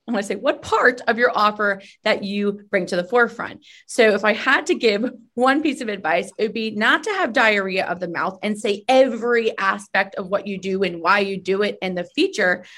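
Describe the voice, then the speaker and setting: A woman podcast co-host offering advice in a measured, conversational way. Her voice sits at a middle pitch, and she fills her pauses with casual fillers as she thinks aloud. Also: fairly bright tone. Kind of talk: casual chat.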